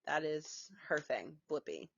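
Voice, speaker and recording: A woman co-hosting a podcast in casual chat, relaxed, with quick agreeing replies. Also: low-pitched, no echo. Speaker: podcast co-host. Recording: dry muffled lo-fi recording.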